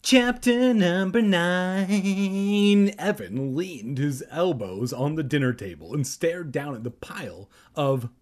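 A man's voice: medium pitch, big pitch swings, measured pace, hardly any pauses, a little mellow, husky. A young man reading a children's book aloud for laughs, breaking off into crude, self-deprecating jokes. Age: young adult. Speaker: reader and comedian.

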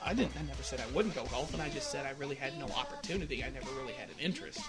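Music plays behind a married adult podcast co-host speaking very fast at medium pitch with big pitch swings. He laughs, curses freely, and keeps the casual banter loose.

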